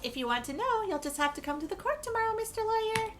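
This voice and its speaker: Coy teasing young witness, super high, bouncy sing-song, game music faint underneath. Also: female voice, very animated, fast, fairly bright tone, exaggerated voice. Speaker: streamer voicing game dialogue.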